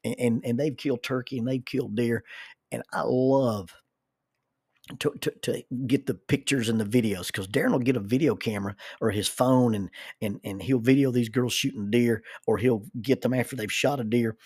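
A man's voice: mid-range voice, fairly even intonation, moderate pace, darkish tone, breathy edge, no echo, studio quality. A middle-aged man, telling folksy personal stories and often repeating words as he starts a sentence. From southern United States. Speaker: storyteller. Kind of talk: personal storytelling.

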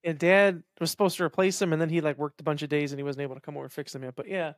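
A man's voice: a little high, fairly even intonation, racing, no room sound, clean studio sound. A man co-hosting a podcast in casual chat, telling rambling stories full of "like". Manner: rambling storytelling with many "like"s. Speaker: podcast co-host. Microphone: dynamic podcast microphone.

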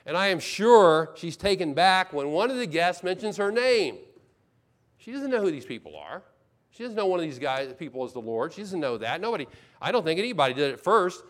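A man's voice: sits high, sing-song, fairly quick. A male pastor preaching a sermon in a church, conversational and full of questions, often restarting sentences.

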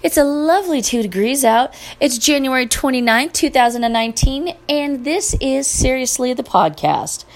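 A middle-aged woman hosting her own podcast, talking casually in an animated, indignant and sarcastic way. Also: sits high, moderate pace, hardly any pauses. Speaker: podcast host. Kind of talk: casual solo podcast rant.

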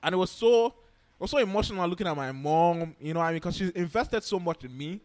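A man co-hosting a casual podcast, relaxed and reflective, often saying "bro". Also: high voice, fast. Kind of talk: casual chat.

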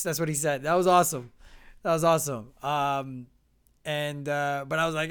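A man from Canada telling casual stories to his viewers, animated and laughing, acting out what people said. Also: fairly high pitch, moderate pace. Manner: animated, acts out quotes, laughs often. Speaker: vlogger. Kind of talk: casual storytelling.

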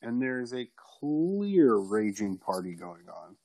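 A man telling a personal story in a casual, animated way, swearing freely. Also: on the low side, takes it slowly, no echo, rough recording. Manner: animated, profane, acts out quoted people loudly.

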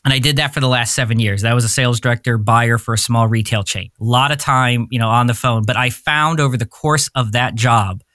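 A man's voice: mid-range voice, fairly even intonation, fairly quick, hardly any pauses, a bit bright, dry recording, studio quality. A man in his forties, a podcast guest telling his story in a candid, rambling way and often searching for words. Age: 40s. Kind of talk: casual interview storytelling.

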